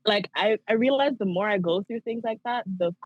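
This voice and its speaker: A woman's voice: mid-range voice, a little fast, no echo. Young woman guest, reflective storyteller, quotes herself, laughs easily, dull recording. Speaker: podcast guest. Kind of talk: casual chat.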